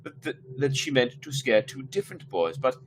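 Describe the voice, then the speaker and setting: Over background noise, a man with a medium-pitched, expressive voice reads a spooky children's story on a live stream at normal speed. He makes frequent slips and restarts, now and then breaking away to chat with his audience.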